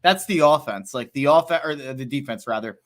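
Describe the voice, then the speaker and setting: A man's voice: medium pitch, a little fast, fairly bright tone. A man co-hosting a sports podcast, talking football in a rambling way with many restarts and hedges. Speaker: podcast co-host. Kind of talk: casual sports talk.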